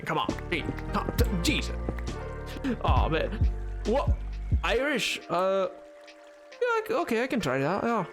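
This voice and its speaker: A man live-streaming a video game, chatting casually and jokingly with his viewers. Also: high voice. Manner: animated, jokey, does silly voices. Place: at home, playing a video game.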